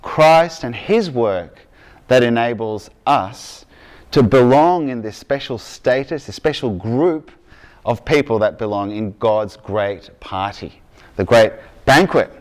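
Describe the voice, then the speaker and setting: With an unhurried delivery and a lowish, darkish voice, this Australian-accented preacher, who grew up in Argentina, tells his sermon like a story. He keeps things conversational, often asking the congregation "okay?" or "right?".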